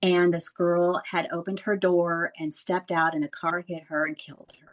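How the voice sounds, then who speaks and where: A woman's voice: on the low side, moderate pace. A middle-aged woman, a former radio news reporter, telling stories in a casual interview and laughing often. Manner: animated storyteller who laughs often.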